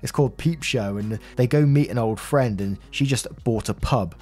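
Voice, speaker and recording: A man's voice: medium pitch, moderate pace, darkish tone, husky. A man reading online posts aloud and chatting casually about them as host, with conversational asides. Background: faint music.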